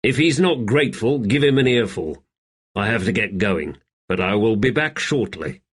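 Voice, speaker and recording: A man voicing a brisk, matter-of-fact manservant in an audiobook. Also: fairly low pitch, animated, husky.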